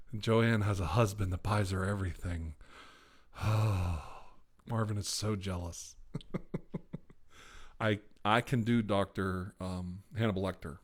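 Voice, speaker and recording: Man, fairly low voice, rambling casual chat, ASMR live-stream host, laughs and sighs often, close mic.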